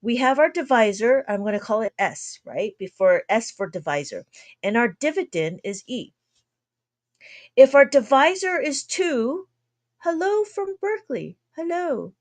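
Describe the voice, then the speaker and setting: A woman teaching long division on an abacus in a chatty livestream lesson, laughing often and trying to slow her usually fast talk. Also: on the high side, very animated.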